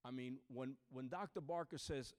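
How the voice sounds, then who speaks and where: A man preaching a sermon to a church, swinging from shouted exhortation to hushed, near-whispered storytelling. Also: mid-range voice, normal speed.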